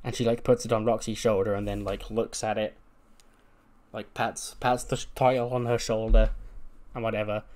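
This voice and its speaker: A man's voice: on the low side, little pitch movement, moderate pace, a little mellow. A man casually narrating a wrestling sim playthrough, with lots of fillers. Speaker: game commentator.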